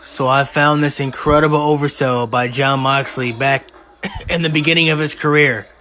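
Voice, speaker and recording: A man commenting excitedly on a clip in a casual reaction video, laughing often and using slang. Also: mid-range voice, normal speed, soft background music.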